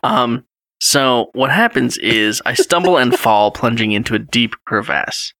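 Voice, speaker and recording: A man in his thirties tells a story in a lively, up-and-down voice with a bright, forceful tone. He reads passages aloud and chuckles along the way. The sound is close and dry. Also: mid-range voice, measured pace, dry recording. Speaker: podcast co-host. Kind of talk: casual chat retelling a gamebook read with his child.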